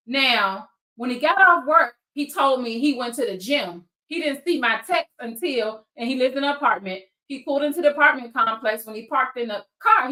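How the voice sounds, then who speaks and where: A woman with a somewhat high voice hosts her own show. She tells a story straight to the camera in a lively, direct way, talking to her viewers as if they were friends. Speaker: searcher for biological families, show host. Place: lives in Georgia.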